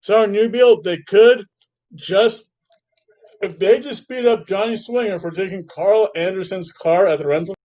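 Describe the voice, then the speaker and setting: A man's voice: sits high, moderate pace, mellow, poor audio. A man hosting a wrestling review podcast, chatting casually and thinking aloud, often restarting his sentences. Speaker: podcast host.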